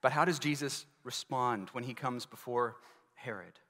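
A man's voice: mid-range voice, moderate pace, a bit bright. A male pastor delivering a sermon in an earnest manner, asking his listeners many rhetorical questions. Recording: long reverb of a large hall.

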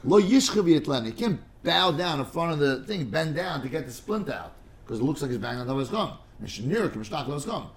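A man's voice: on the high side, lively intonation, fast talker, vocal fry, a bit bright. A man teaching a casual study class, rambling and digressive, stumbling over repeated words and mixing in Hebrew and Aramaic terms.

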